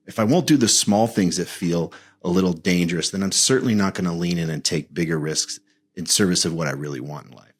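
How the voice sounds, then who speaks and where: A man's voice: deep voice, fairly quick, breathy edge. A man in his fifties, a men's coach, speaking earnestly and reflectively as a podcast guest, often restarting his phrases. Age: 50s.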